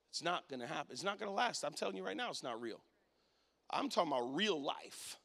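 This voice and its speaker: A man preaching a sermon and telling a personal story, his voice swinging from quiet to loud. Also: a little high, lively intonation, quick pace, gravelly, long reverb tail.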